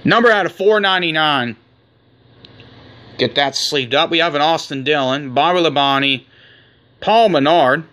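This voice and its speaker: A man in his forties narrating a card-pack opening in casual commentary, rattling off names one after another and saying he is shaking with excitement. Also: fairly high pitch, a little slow, pauses often. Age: 40s. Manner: rattles off names in a running list. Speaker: card collector opening packs.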